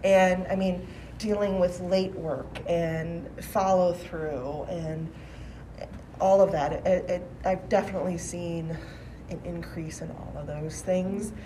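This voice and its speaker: A woman in her forties, a teacher, answering interview questions in a thoughtful, measured way with restarts. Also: on the low side, fairly even intonation, mellow, slight background noise, poor audio. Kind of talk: conversational podcast interview.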